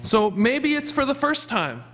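A man's voice: very high-pitched, very animated, a little slow, a bit bright. A man preaching a sermon as pastor of a church, earnestly asking his congregation questions. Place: church sanctuary.

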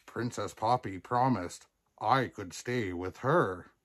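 A pushy fairy-tale frog who croaks out his demands, as a man reading a storybook does the voice. He speaks slowly and insistently, never letting a promise go. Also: on the low side, fairly bright tone. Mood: demanding. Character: pushy male frog, later a prince.

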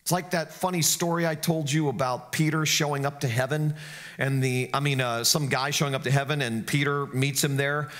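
A male pastor preaching a sermon in an earnest, emphatic manner, dropping to hushed tones and rising again. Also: medium pitch, steady tone, fairly quick.

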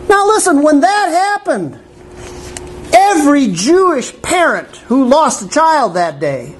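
A male pastor preaching a sermon in a church, animated, with wry asides to the congregation. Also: very high-pitched, slow, a little hiss or hum, rough recording.

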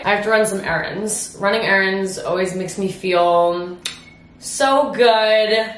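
A woman's voice: mid-range voice, takes it slowly, a bit bright. A young woman vlogging in a casual chat, rambling and self-mocking, laughing often and swearing freely. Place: at home and in her car. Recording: echoey room, faint ambient noise.

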